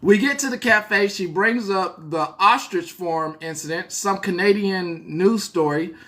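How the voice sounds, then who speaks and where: A woman's voice: fairly low pitch, unhurried, fairly bright tone. A woman hosting a show, reading a story aloud and breaking off for blunt, profane asides. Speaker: host.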